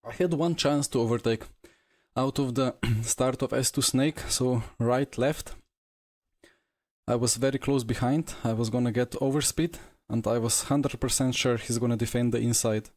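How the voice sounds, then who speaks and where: A man streaming a sim race talks it through in casual live commentary, out of breath, chatty and reflective after racing. His voice is medium-pitched and darkish with fairly even intonation, a moderate pace, and no echo.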